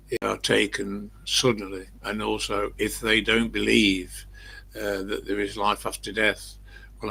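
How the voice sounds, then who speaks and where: Older man, gravelly low voice, rambling, blunt, casual chat. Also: pushed and bright, poor audio. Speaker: livestream host.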